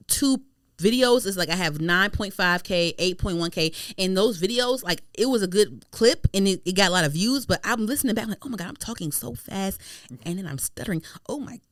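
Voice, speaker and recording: A woman from Maryland hosting a podcast in casual chat. She talks fast into a studio mic, with tumbling restarts. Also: lowish voice, a bit bright, no echo. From Prince George's County, Maryland. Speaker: podcast host.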